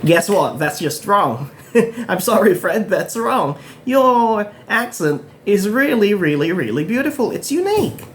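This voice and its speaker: His voice is high and sing-song, a little slow, with a bit of hiss or hum in the recording. This thirties-aged Filipino man, accent intact, speaks earnestly to camera to motivate English learners, often repeating himself to drive points home.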